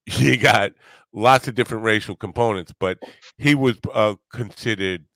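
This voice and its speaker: A man's voice: fairly low pitch, a little slow, creaky, a bit bright, dry recording, clean studio sound. A man hosting a podcast in casual chat, rambling, laughing often and swearing now and then. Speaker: podcast host.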